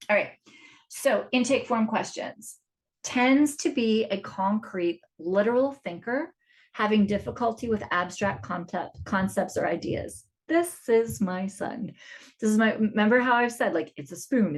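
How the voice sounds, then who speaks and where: A woman's voice: mid-range voice, moderate pace. A middle-aged woman hosting a solo parenting podcast, chatty and confiding, often restarting her sentences. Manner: chatty, warm-hearted and confiding, with frequent restarts. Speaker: podcast host and parent coach.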